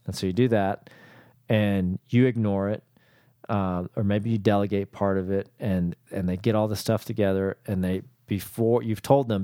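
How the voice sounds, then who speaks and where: A man's voice: on the low side, steady tone, normal speed, mellow, no echo, clean studio sound. A man who works as a CPA, talking bluntly and casually to small business owners and acting out both sides of his calls with clients. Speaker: CPA and accounting firm owner.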